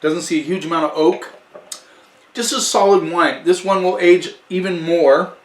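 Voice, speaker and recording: A man's voice: high-pitched, moderate pace, distant mic. A man giving a casual wine tasting review in a chatty way, often restarting and correcting himself. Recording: echoey room, away from the mic.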